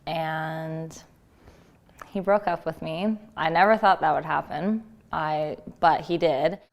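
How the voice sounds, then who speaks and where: Earnest woman giving a halting account. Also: deep voice, creaky. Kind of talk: personal account in a vlog.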